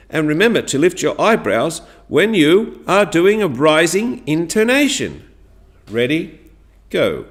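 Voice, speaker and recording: A man teaching a class, modelling phrases clearly for learners to repeat in a lesson on intonation. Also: mid-range voice. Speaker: English teacher.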